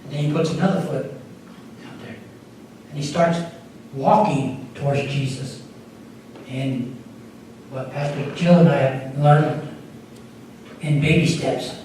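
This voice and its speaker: A man's voice: a little high, slow pace, long pauses, a little mellow, slight background noise. A man, an associate pastor, preaching a sermon in a conversational way, with small repeats and restarts. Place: church sanctuary. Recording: echoey room picked up from far off.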